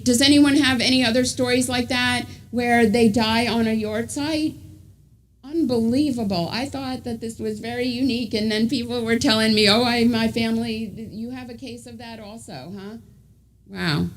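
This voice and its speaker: A woman's voice: fairly high pitch, normal speed, a little hiss or hum. A middle-aged woman with a New York accent, giving a chatty author talk that she often interrupts herself in. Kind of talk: casual talk with reading aloud.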